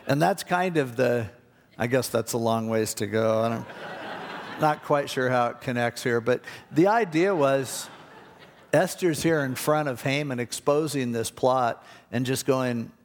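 A man's voice: mid-range voice, fairly even intonation, normal speed. A man preaching a sermon, telling stories in a conversational, casual way. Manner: conversational storytelling, acts out quotes. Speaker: pastor. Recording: long hall reverb.

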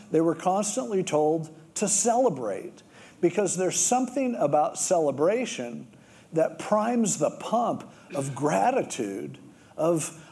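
Lively storytelling man preaching, mellow voice. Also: on the high side. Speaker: pastor. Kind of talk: sermon.

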